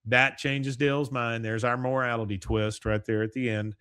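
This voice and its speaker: A man's voice: mid-range voice, little pitch movement, moderate pace, bright, forceful tone, clean tone, no room sound, clean studio sound. A man hosting a podcast, chatty and given to laughing, recapping an episode with many "uh" fillers. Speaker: podcast host.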